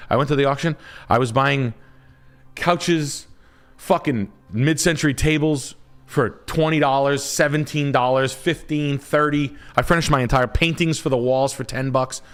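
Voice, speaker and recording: A man's voice: medium pitch, a little fast, a bit bright, faint music behind. A man, a realtor hosting a live stream, telling a long casual story with lots of swearing and trailing off while he hunts for words. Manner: rambling, profane, trails off searching for words.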